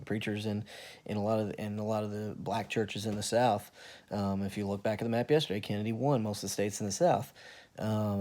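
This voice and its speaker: A man's voice: lowish voice, darkish tone. A man teaching history in a casual, rambling way, with frequent ums and self-corrections as he walks students through the material. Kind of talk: recorded lesson walkthrough.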